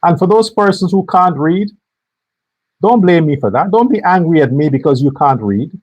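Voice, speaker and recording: A man's voice: a little high, expressive, normal speed, lo-fi sound. A man hosting a political commentary show, ranting angrily and bluntly, swearing and hammering his points through repetition. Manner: angry, blunt and profane, hammering phrases by repetition.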